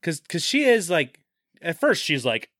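Animated man recapping a movie. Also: fairly high pitch, a little slow, no room sound, clean studio sound. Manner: animated, acts out characters' lines. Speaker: podcast co-host. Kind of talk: casual movie recap chat.

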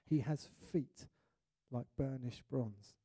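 A man preaching a sermon in an animated way, acting out little scenes and voices. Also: mid-range voice, takes it slowly.

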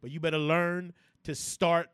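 A man's voice: on the high side, little pitch movement, a little slow, fairly bright tone, clear, resonant tone, no room sound. A man on a casual podcast, ranting emphatically with lots of profanity and stammered restarts. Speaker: podcast co-host.

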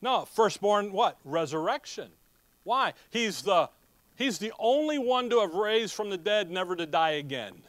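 A man's voice: sits high, expressive, unhurried, fairly bright tone, no room sound. A man preaching a Bible teaching sermon who asks his listeners questions and answers them himself, with joking asides. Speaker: pastor.

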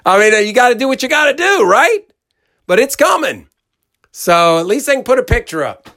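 A man's voice: very high voice, big pitch swings, moderate pace, pushed and bright. A middle-aged man hosting a college football podcast in a folksy, rambling way, talking straight to his listeners with plenty of emphasis. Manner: folksy, rambling storyteller who acts out quoted voices. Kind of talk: casual podcast chat.

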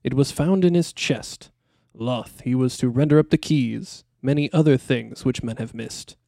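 A man's voice: mid-range voice, moderate pace, vocal fry, warm tone, no room sound, studio quality, natural voice. Man reading a formal, loyal royal servant.

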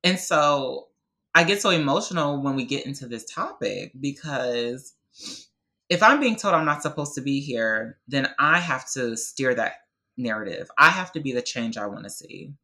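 A woman's voice: very deep voice, animated, normal speed, bright, forceful tone, low-quality recording. A young adult woman speaking with passion and conviction as a podcast guest, often checking in with "right?". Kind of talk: heartfelt podcast conversation.

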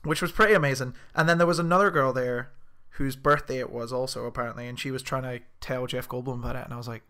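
A man's voice: medium pitch, fairly even intonation, fast, sharp tone, smooth. A young man hosting a podcast, telling a story in casual chat and laughing often. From Scotland. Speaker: podcast host.

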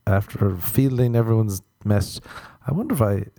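A man's voice: lowish voice, normal speed, warm tone, dry recording, studio quality. A young man hosting a solo comedy podcast, rambling through irreverent, sweary jokes. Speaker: podcast host.

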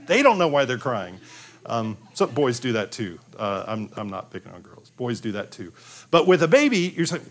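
A man's voice: mid-range voice, expressive, brisk. Man giving a conversational sermon. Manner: conversational, with many restarts and fillers, acting out children's cries. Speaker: pastor.

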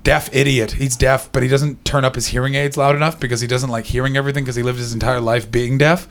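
A man's voice: medium pitch, steady tone. A man doing stand-up comedy as host, bantering with the crowd and telling profane stories. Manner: loud, profane, rapid banter. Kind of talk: stand-up crowd work and storytelling. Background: audience laughter.

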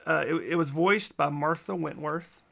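A man's voice: fairly high pitch, moderate pace, creaky, a bit bright. A man in his thirties with a slight lisp, chatting enthusiastically as a podcast host and sometimes tripping over his words. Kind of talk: casual chat.

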